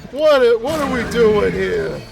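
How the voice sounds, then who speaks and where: A man's voice: very high-pitched, expressive, measured pace, gravelly, over music, exaggerated voice. A man voicing a cranky, rambling old man who is a mutated flower-headed monster, grumbling and groaning as he complains. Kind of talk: gameplay roleplay commentary.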